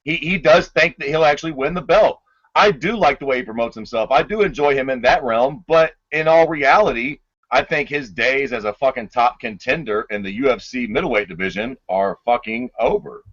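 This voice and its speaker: A man's voice: mid-range voice, a little fast, fairly bright tone, muffled recording. A man co-hosting a podcast, giving blunt, profane opinions in casual sports banter. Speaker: podcast co-host.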